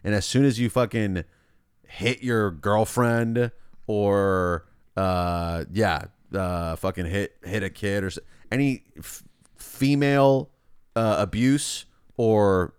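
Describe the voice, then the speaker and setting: Smooth low-voiced jokey man. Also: fairly even intonation, slow pace, dry recording, studio quality. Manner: loose and jokey, with filler words. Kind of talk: casual podcast chat.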